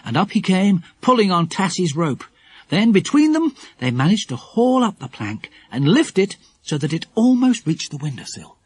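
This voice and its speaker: A man's voice: sits high, normal speed, husky, no room sound. Man narrating a kids audiobook, bouncy delivery, dry close studio sound. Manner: lively, expressive storytelling.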